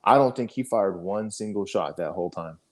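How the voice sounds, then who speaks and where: A man's voice: on the low side, a little fast, a little mellow. A man on a podcast telling an army story in a casual, profane way, full of fillers and restarts. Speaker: podcast co-host, army veteran.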